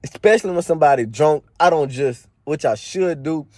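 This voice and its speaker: A man's voice: on the high side, a little fast, darkish tone, no room sound, clean studio sound. A man telling a rambling, slangy story from a party in a casual storytime monologue. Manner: slangy, rambling, fillers and restarts.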